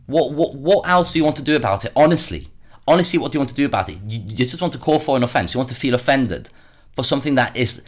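A man's voice: medium pitch, lively intonation, fast. A man hosting a solo commentary podcast, worked up and sarcastic, often repeating words as he rants. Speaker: podcast host.

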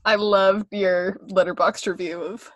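A woman's voice: medium pitch, steady tone, unhurried, no room sound. A young woman hosting a casual film podcast, gushing about a film, laughing often and filling her talk with "like". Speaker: podcast host.

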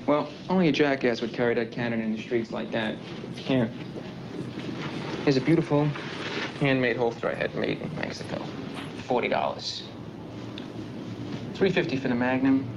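An actor playing a smooth-talking middle-aged male gun dealer who keeps up a steady stream of sales patter. The sound is a dull, muffled film clip with clear traffic noise behind it. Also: mid-range voice, close to an everyday voice. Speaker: film character.

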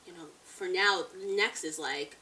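Bright-voiced young woman chatting animatedly. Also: on the low side, a little slow, recorded from a distance. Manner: animated, laughs often, heavy use of "like". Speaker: podcast co-host. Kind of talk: casual chat.

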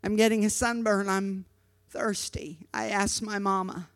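A woman preacher telling a personal story in a sermon, impassioned, moving from hushed narration to shouting and often repeating words. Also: medium pitch, fairly even intonation, unhurried, dry recording. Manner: repeats words when stirred.

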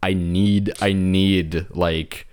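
A man co-hosting a casual podcast, talking haltingly with restarts and sudden excited jumps. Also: sits low, clear, resonant tone. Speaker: podcast co-host. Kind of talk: casual chat.

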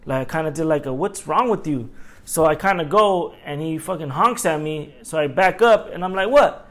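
A middle-aged man with a slightly high voice rants through a casual solo podcast. He tells his stories in an animated, profane way and acts out the lines of other people. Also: moderate pace. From Los Angeles area. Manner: animated, profane storytelling with acted-out quotes. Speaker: podcast host.

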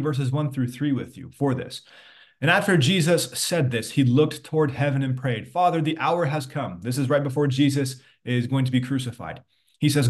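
A man's voice: medium pitch, a little mellow. A man preaching a casual sermon, reading scripture aloud and checking in with listeners. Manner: conversational preaching, quotes scripture, frequent "right?". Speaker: pastor. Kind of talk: sermon to an online audience.

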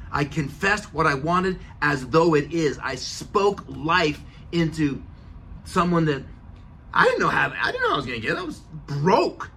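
A man's voice: fairly high pitch, big pitch swings, moderate pace, vocal fry, bright, forceful tone, a little hiss or hum. A middle-aged man hosting a motivational podcast, earnest and emphatic, repeating key phrases for effect. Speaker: podcast host. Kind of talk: motivational talk.

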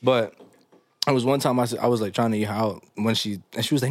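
A man's voice: medium pitch, quick pace, dry recording. A young man hosting a casual comedy podcast, reading listener stories aloud and reacting with crude slang and frequent laughter.

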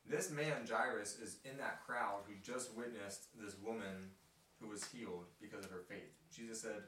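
A man leading a casual Bible discussion, reading scripture aloud with emphasis and getting excited. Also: on the low side, moderate pace. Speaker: podcast host leading Bible study. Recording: echoey room from a distance with light noise.

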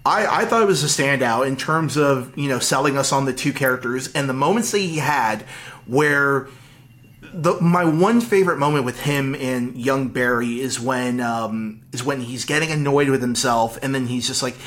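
A man co-hosting a casual movie podcast, talking excitedly with frequent stammered restarts. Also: medium pitch, moderate pace. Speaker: podcast co-host. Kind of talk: casual movie review chat.

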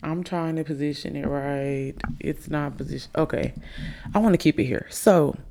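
A woman's voice: low-pitched, fairly even intonation, moderate pace, creaky, background noise. A young woman from Alabama, slightly tipsy, hosting a casual solo podcast and rambling chattily to her listeners. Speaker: podcast host. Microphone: desk microphone on camera.

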